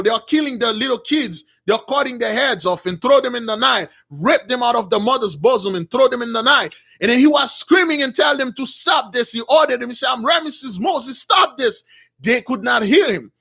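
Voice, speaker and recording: High-voiced man telling a halting story. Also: vocal fry, fairly bright tone. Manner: halting, with many restarts and repeated words; earnest, dramatic storytelling. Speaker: religious storyteller. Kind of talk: unscripted retelling of a vision.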